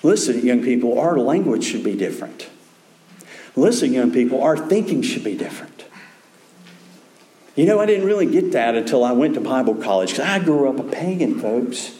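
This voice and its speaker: A man preaching a sermon as pastor, earnest, dropping to a hush and then rising to emphatic calls. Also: medium pitch, expressive, moderate pace, roomy sound.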